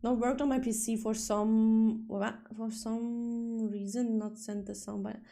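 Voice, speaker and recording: German girl streamer, slow casual rambly chat, kinda high voice, swears when annoyed. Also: flat delivery, creaky, mellow.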